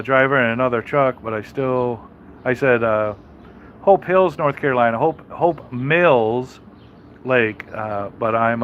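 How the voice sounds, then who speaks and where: On his livestream, a trucker reads his chat and answers in a rambling, blunt, heavily profane way, restarting often as he talks casually. His mid-range voice comes through dull, with a faint hiss or hum.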